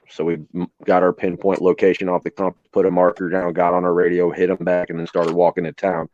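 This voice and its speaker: A former emergency responder hosting a live stream tells rough, plainspoken stories in casual chat, swearing freely and acting out quoted voices. His voice is low, deep, dark and mellow, delivered in a brisk monotone. The recording is dry, a little muffled, and free of room sound.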